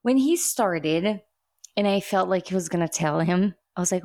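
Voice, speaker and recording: A woman co-hosting a casual TV recap podcast, talking excitedly with emphatic repeats and laughter. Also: fairly low pitch, moderate pace, no room sound, clean studio sound. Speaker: podcast co-host.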